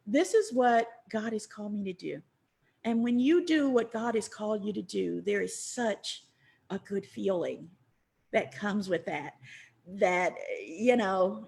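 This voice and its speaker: Woman host with a high voice, warm and chatty on a live stream. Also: creaky. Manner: warm, chatty, emotional, tearing up with laughter. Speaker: financial educator hosting a live stream. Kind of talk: live social media teaching session. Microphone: phone or webcam in a live stream.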